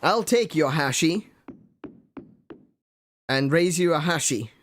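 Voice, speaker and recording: A man's voice: fairly high pitch, lively intonation, takes it slowly, a bit bright, soft background music. A young man chatting casually and joking as he plays a farming game with a guest, laughing often and thinking aloud. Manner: joking, chuckly, thinks aloud while playing. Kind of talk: casual gameplay chat.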